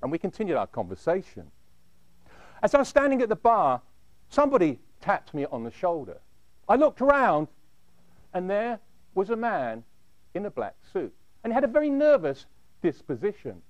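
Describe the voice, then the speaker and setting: A man telling a dramatic first-person story in a measured way, dropping low at the end of his phrases. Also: huge pitch swings, no echo.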